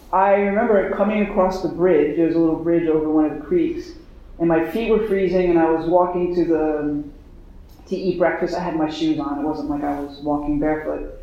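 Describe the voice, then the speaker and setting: A man's voice: on the high side, dark tone. A man telling a personal story in a dharma talk, chatty and self-mocking, with lots of fillers. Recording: echoey dull hall recording.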